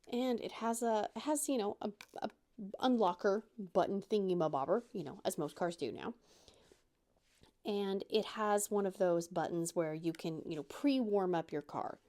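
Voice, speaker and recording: A woman's voice: medium pitch, mellow. Chatty woman rambling while crafting. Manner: chatty, self-deprecating, rambling with many restarts. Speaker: crafting channel host.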